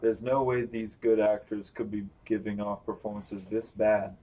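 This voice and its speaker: A young man chatting casually on a movie review podcast, animated, acting out lines he quotes. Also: fairly low pitch, moderate pace, rough recording. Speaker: podcast host.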